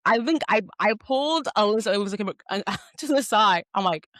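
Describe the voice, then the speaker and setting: A young woman hosting a podcast, telling a story in casual chat, animated and full of fillers, acting out what people said. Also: medium pitch, moderate pace, dry recording, studio quality. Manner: animated, many "like" fillers, acts out quotes. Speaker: podcast host.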